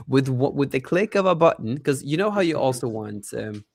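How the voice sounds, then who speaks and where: A young man rambles with excitement, keeps forgetting names and laughs through his sentences. His voice sits in the middle range. The sound is dry and close. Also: mid-range voice, moderate pace, creaky, no echo. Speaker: podcast co-host, app developer. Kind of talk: casual podcast chat.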